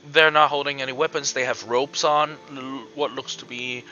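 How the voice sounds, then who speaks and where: A man's voice: medium pitch, fairly even intonation, moderate pace, pushed and bright, dull audio. A man narrating as game master, describing scenes and calling for checks, with many fillers and restarts.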